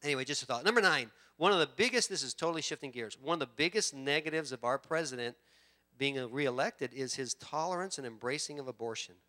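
A man preaching a sermon, swinging from loud emphatic bursts to hushed storytelling. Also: medium pitch, animated, fast talker. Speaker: pastor.

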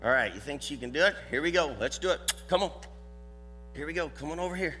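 An older man with a Southern US drawl preaches in a folksy, loud, animated way. His voice is bright and forceful. It rings through a hall with a long echo, and faint music sits underneath. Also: on the high side, quick pace. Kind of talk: sermon with a live dog demonstration.

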